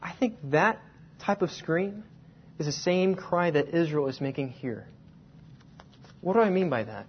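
A man preaching a sermon, telling a personal story and slowing down to stress key words. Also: a little high, lively intonation, slight background noise. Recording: dull lo-fi sound.

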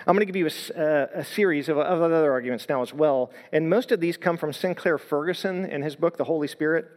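A man preaching from the front of a church hall, his voice sitting a little high for a man. He talks earnestly in measured phrases and slows right down to stress the lines he quotes. A long reverb trails each word through the room. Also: darkish tone. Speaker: pastor. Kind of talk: sermon.

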